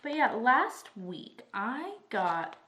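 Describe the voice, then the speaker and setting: Still recovering from strep and breathing slightly hard, this Arizona vlogger in her thirties rambles chattily over her tabletop craft, with plenty of "like." Her voice is a little high, pushed and bright, very animated, with drawn-out words. A bit of background noise can be heard.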